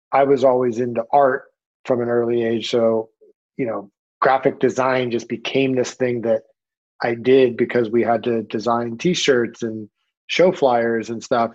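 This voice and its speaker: A man as a podcast guest, telling his story in a relaxed, rambling way with casual swearing. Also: medium pitch, lo-fi sound. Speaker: podcast guest, company founder.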